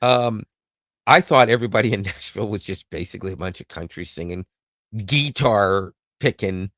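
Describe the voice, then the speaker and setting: A Canadian man co-hosting a podcast, chatting casually and joking with quick asides. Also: on the low side, fairly bright tone, no room sound, clean studio sound. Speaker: podcast co-host. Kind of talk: casual chat.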